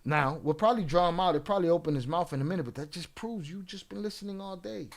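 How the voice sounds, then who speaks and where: Livestream host, male, high-pitched, profane and taunting, rants straight at his chat. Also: quick pace, vocal fry. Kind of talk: livestream rant addressing chat.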